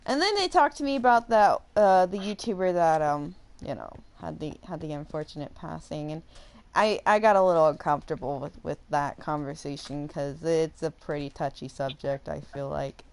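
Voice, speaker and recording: Animated young woman telling a story. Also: sits low, normal speed. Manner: animated, rambling, full of fillers and laughter. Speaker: gaming channel host. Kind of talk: casual storytelling while playing a game.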